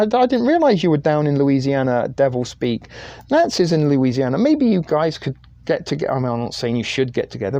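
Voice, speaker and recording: A man's voice: mid-range voice, gravelly, warm tone, dry recording. A man hosting a livestream in casual chat, rambling, joking and swearing freely. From United Kingdom. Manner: rambling, jokey and profane. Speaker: livestream host.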